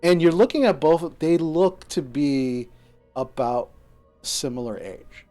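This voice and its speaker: A man's voice: a little high, takes it slowly, mellow, faint music behind. A man narrating a tabletop game as game master, hesitant and full of fillers.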